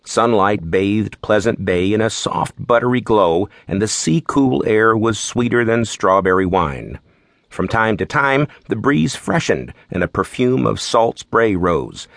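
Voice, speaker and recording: Male narrator for a detective audiobook, low-ish voice, wry and easygoing, dry studio sound. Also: measured pace, vocal fry, dry recording. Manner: wry, relaxed storytelling. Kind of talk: first-person audiobook narration.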